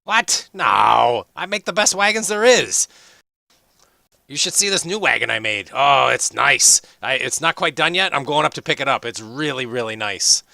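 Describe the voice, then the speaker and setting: A man voicing a young male dwarf wagon-maker who chatters excitedly and stammers through his questions. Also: medium pitch, normal speed, gravelly, no room sound, clean studio sound, pitched above the performer's own voice, heavily acted. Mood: chatty.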